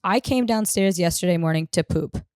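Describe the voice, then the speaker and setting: A young woman hosting a podcast from a room in her home, telling stories in an animated, profane, self-deprecating way. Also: on the low side, brisk, dry recording, studio quality. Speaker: podcast host. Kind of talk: casual storytelling chat.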